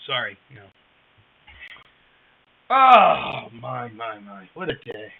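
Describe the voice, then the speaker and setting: A man's voice: mid-range voice, wildly swooping pitch, slow, creaky, long pauses. A man hosting a casual live stream, rambling wryly and reacting to chat on a wireless headset. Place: home, rural area. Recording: dull lo-fi headset mic.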